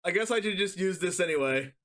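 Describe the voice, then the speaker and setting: High, lively, excitable young male streamer. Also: fast talker. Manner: excitable, shouting and laughing at plays. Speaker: streamer playing a card game. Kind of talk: excited live gameplay commentary.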